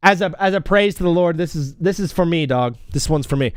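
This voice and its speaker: Male sports talk host, jokey and rambling, bouncy high-ish delivery, dry sound. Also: fairly quick, few pauses, clear, resonant tone, no room sound. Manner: animated, rambling, self-interrupting, jokey. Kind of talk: casual live sports talk show.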